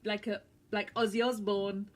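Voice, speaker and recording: A woman's voice: mid-range voice, little pitch movement, normal speed, a crowd in the background. A woman with a British accent co-hosting a show, full of teasing banter. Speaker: radio show co-host. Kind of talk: casual chat.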